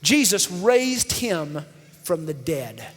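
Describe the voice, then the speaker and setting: A man telling a Bible story to children in lively style, energetically calling for the audience to answer back. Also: on the high side, slow, noisy background. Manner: energetic, calls out for audience responses. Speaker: children's minister. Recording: long reverb from a large hall.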